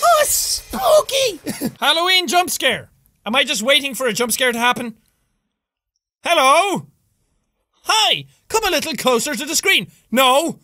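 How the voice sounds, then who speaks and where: A man giving loud, excitable let's-play commentary, shouting, swearing and joking as he plays. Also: extremely high pitch, a little slow, pauses often, faint music behind. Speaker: gaming video host. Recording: noisy recording.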